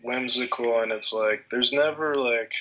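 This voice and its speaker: A man's voice: medium pitch, unhurried, sharp tone. A man co-hosting a podcast in casual chat, rambling and hesitant as he searches for words. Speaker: podcast co-host. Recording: dull, muffled lo-fi sound.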